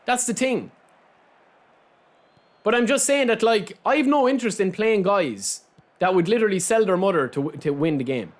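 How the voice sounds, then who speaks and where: Man, Irish accent, gaming streamer, casual chat with viewers, high-pitched, very animated pitch. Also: normal speed, long pauses. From Ireland. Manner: talks straight to chat, reads out and answers viewers' messages. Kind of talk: casual live-stream chat while playing.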